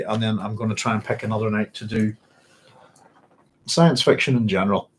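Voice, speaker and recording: A man's voice: on the low side, a little mellow, a little hiss or hum, low-quality recording. A man hosting a live book club chat, rambling with many ums and restarts, with hiccups and a sore throat. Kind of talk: casual live-stream chat.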